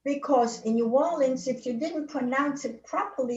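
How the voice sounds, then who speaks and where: In a dull, echoey, distant recording, a Holocaust survivor in her eighties tells her life story in English with a foreign accent. Her voice is on the high side, her pace normal with few pauses, and she meanders, repeats herself, circles back and restarts sentences.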